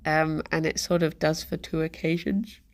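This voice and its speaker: A woman's voice: deep voice, fairly even intonation, moderate pace. A young woman chatting casually on a live stream, rambling and giggling often as she reads the chat aloud.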